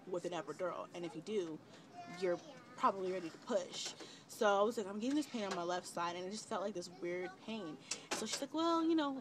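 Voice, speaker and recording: A woman's voice: on the low side, noisy background. Chatty young woman telling a story. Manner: chatty, relaxed retelling with many fillers and quoted dialogue. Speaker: vlogger, mother of twins. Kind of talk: casual storytelling.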